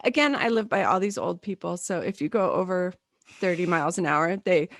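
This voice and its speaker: A woman in her thirties, co-hosting a casual podcast chat, telling stories in a lively way and acting out what people said. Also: on the low side, brisk, vocal fry, no echo, clean studio sound. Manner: animated storyteller, acts out quotes. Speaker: podcast co-host.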